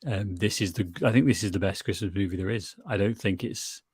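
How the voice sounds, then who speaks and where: A man's voice: fairly low pitch, darkish tone, slightly rough, no echo, studio quality. A man co-hosting a film podcast in casual chat, often repeating words as he searches for what to say. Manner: halting, repeats words while searching for them. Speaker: podcast co-host.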